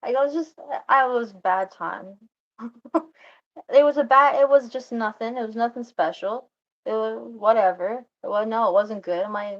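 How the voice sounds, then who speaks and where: A woman with a fairly high voice rambles through a personal story, restarting her sentences and laughing along the way. The recording is a little dull and lo-fi. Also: normal speed. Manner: meandering, self-interrupting, laughs often, quotes others in a higher voice.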